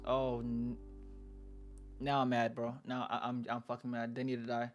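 A man reading a webtoon aloud and reacting with loud, profane, excitable outbursts. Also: mid-range voice, moderate pace, soft background music.

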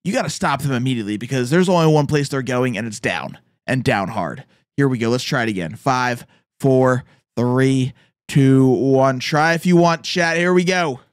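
A man streaming casual reaction commentary on memes, excitable and loud at times. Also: mid-range voice, normal speed, clear, resonant tone, dry recording, clean studio sound. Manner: excitable, shouts and laughs at clips.

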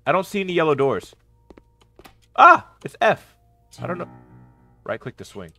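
A male gaming YouTuber talks through a horror game, reacting excitedly and yelling at what happens on screen. His voice runs a little high for a man. It swings widely in pitch. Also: quick pace, no echo, faint music behind. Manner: excitable, yelps and shouts at the game. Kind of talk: horror game playthrough commentary.

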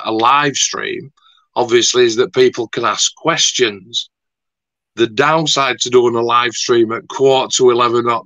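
A man's voice: medium pitch, sharp tone, dry recording, dull audio. Rambling chatty man. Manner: rambling, chatty, mildly sweary. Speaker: interviewer. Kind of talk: casual video-call interview.

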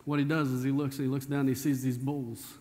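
A man's voice: medium pitch, little pitch movement, fairly quick, mellow. A man, preaching a sermon as pastor in a folksy, conversational storytelling way. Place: church sanctuary. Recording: church hall reverb.

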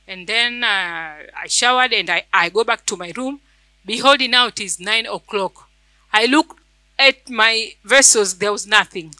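A woman's voice: on the high side, sharp tone, no room sound, poor audio. A woman church elder, preaching a fervent sermon and telling a personal testimony, repeating phrases for emphasis.

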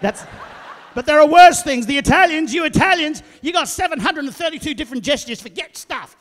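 A middle-aged man performs stand-up comedy in a large theatre, his voice pitched high and his delivery loud and animated. He shouts his punchlines and slips into quoted voices. The sound carries a long reverb from the hall. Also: brisk, slight background noise.

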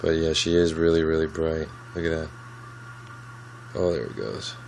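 A man talking casually about his lizards at home, softly cooing to them as he handles them on a handheld camera. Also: extremely low pitch, flat delivery, normal speed, vocal fry, a little hiss or hum, poor audio. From United States. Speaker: reptile keeper. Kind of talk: casual vlog with pet updates. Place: at home among reptile enclosures.

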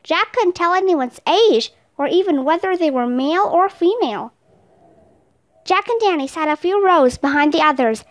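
High-voiced woman reading a kids' book. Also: expressive, moderate pace. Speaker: reader. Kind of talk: reading a children's book aloud.

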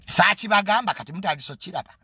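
Ugandan guy doing a cocky joking rant, mixes in english, kinda high voice, bouncy pitch. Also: expressive, racing, sharp tone, breathy edge, dry recording. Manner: mocking, boastful, mixes English into his speech. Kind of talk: casual comedic monologue.

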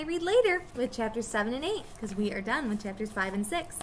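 A woman teacher reading a children's chapter book aloud to her students, expressive and storytelling. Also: fairly high pitch, fairly quick, slight background noise.

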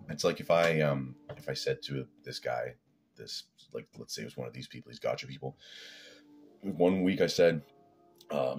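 A man's voice: very deep voice, moderate pace, faint music behind. A man from Canada rambling casually as a fitness vlogger, laid-back and swearing now and then.

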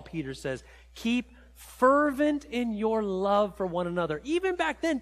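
A male pastor with a notably high voice delivers a sermon in a church. He swings between excited, climbing storytelling and hushed, low reflection. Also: in a large hall. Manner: animated storytelling, rising high when excited, dropping low and quiet for reflection. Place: church sanctuary.

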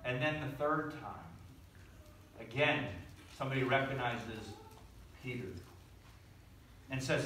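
A man's voice: medium pitch, slow pace, pauses often, sharp tone, a little hiss or hum. A man preaching a sermon, telling the story animatedly and asking the audience questions. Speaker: pastor. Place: church sanctuary. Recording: echoey room, from far off.

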